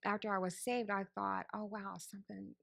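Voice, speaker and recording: A woman's voice: medium pitch, little pitch movement, normal speed, gravelly, fairly bright tone, dry recording. A woman telling her personal testimony to a church congregation, candid and conversational, acting out her own past thoughts. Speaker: church member giving testimony.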